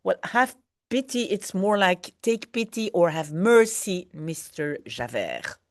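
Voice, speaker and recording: Slow, lively-voiced woman explaining a novel. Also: on the low side, dry recording, studio quality. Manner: translates phrase by phrase, explains words, self-corrects. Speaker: language teacher reading a novel. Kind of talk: book-club reading lesson.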